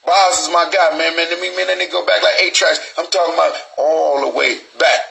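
Bright-voiced man rambling in street slang. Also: fairly high pitch, fairly even intonation, a little fast, gravelly, low-quality recording. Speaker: show host. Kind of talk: casual live-stream monologue.

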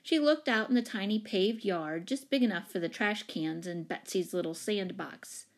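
A woman narrating a children's story in a calm, even reading voice. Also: medium pitch, moderate pace.

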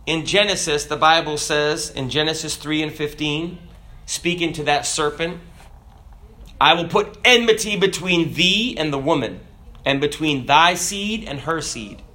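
Male preacher, lively sermon delivery, reads scripture, slightly high voice. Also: unhurried. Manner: animated preaching, rhetorical questions, reads scripture aloud.

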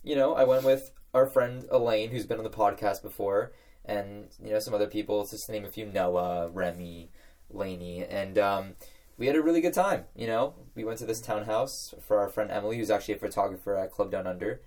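A man's voice: lowish voice, fairly quick, a little mellow. A young man co-hosting a podcast, playful and laughing often as he tells party stories. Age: young adult. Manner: laughing, playful, mock-grand. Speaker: podcast co-host. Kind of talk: casual chat.

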